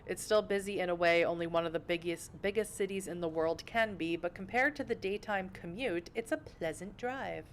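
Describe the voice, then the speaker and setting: A woman's voice: on the low side, normal speed, hardly any pauses, a little hiss or hum. Playful American woman streamer. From United States. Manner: playful, laughs often, self-mocking. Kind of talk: reading a visual novel aloud with chatty asides.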